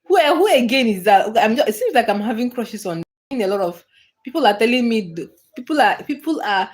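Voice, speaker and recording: A woman hosting a casual livestream, answering viewers' comments with frequent laughter and repeated, restarted phrases. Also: fairly high pitch. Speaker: livestream host.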